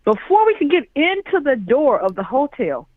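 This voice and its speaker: A man's voice: very high-pitched, moderate pace, no echo. A man in his forties from Chicago, telling a story on a call-in chat and acting out the voices in it. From Chicago, USA. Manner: animated, acts out quoted voices. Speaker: guest. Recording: tinny phone line, dry.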